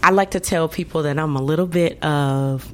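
A woman's voice: sits low, normal speed, fairly bright tone. A woman singer, a guest in a casual interview, talking upbeat with frequent laughs. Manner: upbeat, laughs often, breaks into song.

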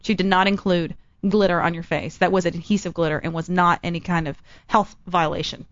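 A woman in casual chat, an entertainer telling a story and acting out the quotes with lively energy. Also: lowish voice, brisk, dry recording, highs cut off.

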